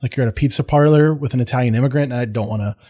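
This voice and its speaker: A man's voice: mid-range voice, very fast, dark tone. An American man giving a history lecture in a casual, digressive way, with self-deprecating asides and restarts. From United States.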